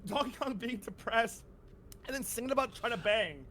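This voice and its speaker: A man's voice: very high voice, lively intonation, normal speed, pushed and bright, slight background noise. A man chatting casually as a guest on a stream, teasing and laughing. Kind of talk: casual live-stream chat.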